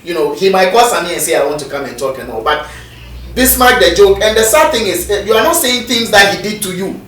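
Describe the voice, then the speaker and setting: A man, co-hosting a studio talk show and arguing a point in a measured way. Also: high voice, lively intonation, bright, forceful tone. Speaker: co-host. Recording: echoey studio, distant mic, faint noise.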